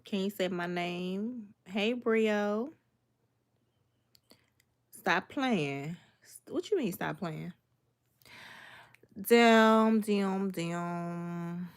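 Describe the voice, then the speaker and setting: Speaking at medium pitch, she's animated but very slow, pausing often. This young Miami cooking livestreamer chats casually, going through comments and welcoming viewers by name in a laid-back, sassy way.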